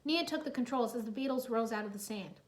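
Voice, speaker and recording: A woman narrating a children's adventure story in a lively, expressive read-aloud. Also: on the high side, quick pace.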